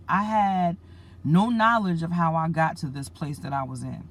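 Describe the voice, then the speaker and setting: A woman's voice: on the low side, expressive, unhurried. A woman preacher earnestly retelling a dream to her listeners, repeating herself and calling them family. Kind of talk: spoken religious message.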